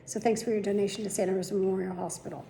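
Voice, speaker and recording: A woman's voice: medium pitch, steady tone, very fast, warm tone. Blunt, foul-mouthed woman in an echoey room. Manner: blunt, heavily profane, indignant retelling. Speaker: video blogger. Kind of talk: casual storytelling to camera. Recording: echoey room with faint background noise.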